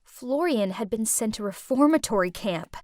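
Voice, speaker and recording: A woman narrates a first-person storytime in a chatty, dramatic teen voice. Her pitch sits high and swings widely, and the recording is close and completely dry. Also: animated, normal speed, darkish tone, dry recording.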